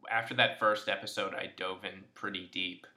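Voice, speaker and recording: A man's voice: deep voice, flat delivery, normal speed, sharp tone. A man speaking as a podcast guest in casual chat, wry and self-deprecating.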